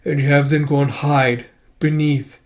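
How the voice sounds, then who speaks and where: A man with a fairly high voice recaps a comic book in a relaxed, chatty way. He keeps introducing each line with "it's like". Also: moderate pace. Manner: casual, uses "it's like" to introduce lines, animated. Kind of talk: casual retelling of a comic book.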